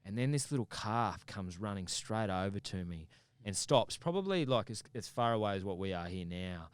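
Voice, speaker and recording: Low-voiced man telling a story. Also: moderate pace, clean tone, no room sound. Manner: animated, swears freely, acts out his own shouts. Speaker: podcast guest. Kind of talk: casual storytelling.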